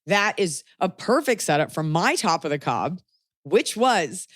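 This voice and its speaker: Low-voiced woman hosting a chatty podcast. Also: a little slow, dry recording. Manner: animated, acts out quotes in shifting voices. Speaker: podcast host. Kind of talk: casual chat and storytelling.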